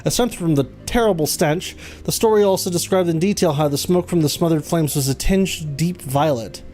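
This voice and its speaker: A streamer voicing an earnest young male noble in a video game, in a formal, measured way. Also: medium pitch, a little mellow, slight background noise, lightly acted.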